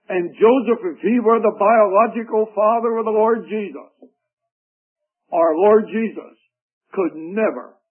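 A high-voiced male preacher delivers a sermon at a slow, measured pace. He stresses single words and pauses for effect. The sound is tinny and narrow, like an old radio broadcast. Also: slightly rough. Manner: emphatic, slow and deliberate with dramatic pauses.

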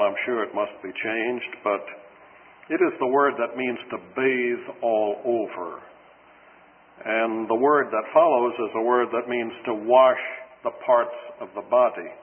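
Texan preacher on lo-fi radio. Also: male voice, mid-range voice. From West Texas. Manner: measured, deliberate reading with wry asides. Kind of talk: expository sermon with scripture reading. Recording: phone-like lo-fi radio broadcast with faint hiss and long hall reverb.

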